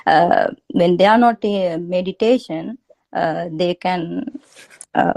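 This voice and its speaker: A woman's voice: on the low side, slow pace, vocal fry, darkish tone, no room sound. A woman joining a casual Buddhist discussion over a video call, speaking hesitantly with many fillers. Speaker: discussion participant.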